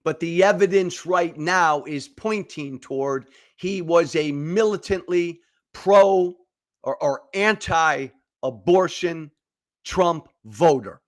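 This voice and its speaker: A man's voice: a little high, takes it slowly. Emphatic middle-aged man delivering commentary. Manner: emphatic, repetitive, preachy, stammering restarts. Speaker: political commentary show host. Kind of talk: direct-to-camera political commentary.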